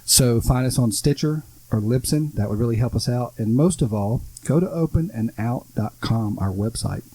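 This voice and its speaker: A man's voice: medium pitch, moderate pace, dark tone, breathy edge, dry recording, poor audio. A man co-hosting a podcast in casual chat, blunt and sarcastic, rambling through his points. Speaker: podcast co-host.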